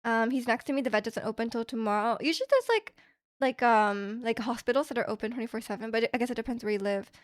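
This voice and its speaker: A woman's voice: fairly high pitch, fast, dry recording, clean studio sound. A young woman livestreaming from home, chatting in a rambling way and reading out viewer comments with light laughs.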